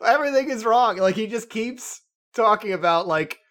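Lively higher-voiced man chatting about film. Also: moderate pace. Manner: expressive, laughs often, mimics characters. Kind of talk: casual film discussion.

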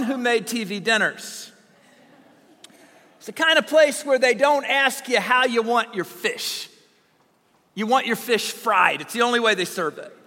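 In a church sanctuary, a Southern Illinois pastor preaches a sermon full of folksy, humorous stories for his congregation. His very high voice is pushed and bright, with a big-room sound.

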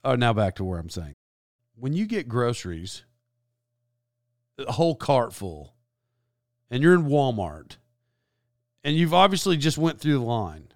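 A man's voice: mid-range voice, big pitch swings, a little slow, pauses often, no echo, clean studio sound. A man telling a rambling story in a casual vlog, full of restarts and side notes. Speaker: YouTuber.

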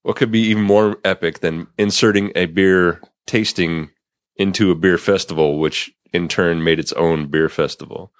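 A man co-hosting a casual chat, telling stories in a relaxed way and laughing often. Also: sits low, normal speed, no room sound, studio quality. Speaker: podcast co-host.

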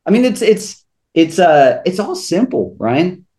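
With a high voice and a slightly slow pace, a man back as a podcast guest tells earnest, animated stories about faith and money. He frequently starts his sentences over in this faith-focused conversation.

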